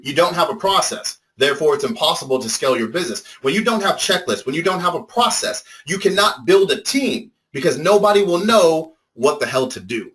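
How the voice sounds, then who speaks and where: A young man giving an energetic motivational talk to a marketing audience, firing questions at listeners and swearing casually. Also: fairly high pitch, poor audio. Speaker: speaker at a marketing workshop.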